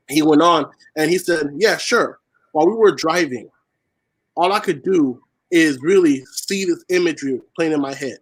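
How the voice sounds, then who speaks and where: A man's voice: on the high side, fairly bright tone, low-quality recording. A man from Haiti raised in Washington State, a spoken word poet telling a personal story as an interview guest, earnest and repeating phrases for emphasis. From born in Haiti, raised in Washington State.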